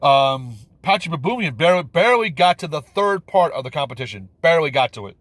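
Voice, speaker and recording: A man's voice: sing-song, quick pace, fairly bright tone, dry recording. A man ranting about a film on his channel, rambling and repeating himself, stumbling over words, his voice jumping up when he's exasperated. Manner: incredulous, pitch jumps when exasperated. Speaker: video commentator.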